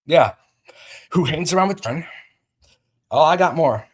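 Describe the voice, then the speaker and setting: A man's voice: on the high side, lively intonation, a little slow, husky. Agitated man ranting on a livestream. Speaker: livestream host. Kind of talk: livestream commentary.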